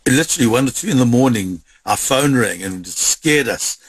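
A man, recounting a story in an animated way and often repeating his words. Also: medium pitch, normal speed, slightly rough, no echo. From South Africa. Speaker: interviewee, website content creator. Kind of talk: storytelling recollection.

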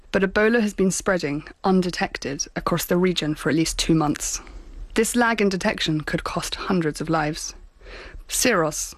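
A woman journalist narrating a first-person documentary report in a measured, grave manner. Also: fairly low pitch, no echo.

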